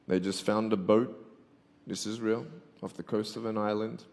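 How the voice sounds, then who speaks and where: A man's voice: lowish voice, fairly even intonation, moderate pace, vocal fry, a little mellow. A man in his twenties with an Australian accent, giving a sermon that mixes playful stories with earnest, pressing questions. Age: 20s. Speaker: motivational Christian speaker. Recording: long hall reverb.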